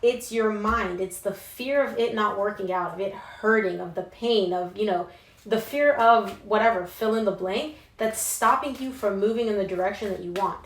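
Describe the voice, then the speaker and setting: A woman's voice: medium pitch, normal speed. Young woman reading tarot, casual and emphatic, slangy, roomy sound. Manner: chatty and emphatic, slangy asides. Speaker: tarot reader. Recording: roomy echo.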